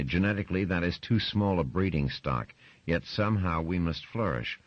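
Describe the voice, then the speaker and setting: A man voicing a stern older patriarch who lays down the law in a firm, measured way, in a dry, slightly muffled recording. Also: deep voice, dry recording, pitched above the performer's own voice.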